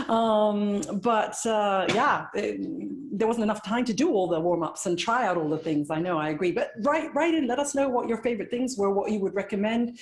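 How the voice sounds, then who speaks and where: A woman's voice: medium pitch, normal speed, roomy sound, poor audio. A woman hosting a casual live chat, talking freely with many fillers and frequent laughs. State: coughing from spicy food. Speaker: host. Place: home kitchen.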